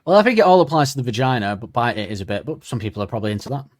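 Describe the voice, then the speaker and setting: A man's voice: medium pitch, big pitch swings, very fast, no echo, studio quality. A man co-hosting a podcast, joking crudely and laughing often in casual chat. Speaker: podcast co-host.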